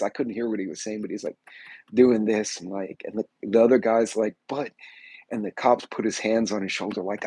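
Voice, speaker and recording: A low, husky male voice talks in a loose, rambling way on a casual livestream. He keeps breaking off to greet viewers in the chat. The sound is dry and close, with no room around it. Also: steady tone, a little fast, warm tone, no echo, low-quality recording. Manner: rambling, greets chat viewers mid-story, acts out quotes. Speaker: livestream host.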